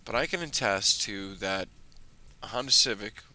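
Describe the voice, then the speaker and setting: A man's voice: lowish voice, lively intonation, moderate pace, sharp tone. Wry young man telling a story. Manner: dry, wry narration in clipped checklist phrases. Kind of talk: first-person storytelling.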